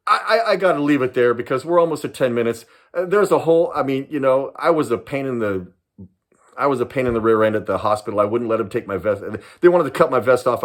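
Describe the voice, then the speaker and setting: Older guy from socal telling a story to camera, lively up-and-down voice, keeps repeating himself and saying man. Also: mid-range voice. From Southern California. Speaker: retired police sergeant telling stories.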